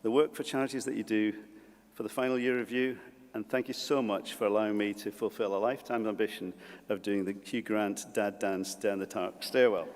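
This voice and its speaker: A man giving a humorous graduation speech as college principal, with halting restarts, at a lectern in a large hall. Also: lowish voice, fairly even intonation, slight background noise. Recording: long reverb of a large hall.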